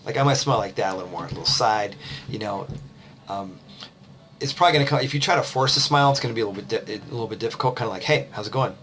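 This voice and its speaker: A man's voice: lowish voice, very fast, a bit bright. A man, a confidence coach, giving casual, rambling advice to the camera while a bit tired. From United States. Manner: conversational, loose, with fillers and restarts.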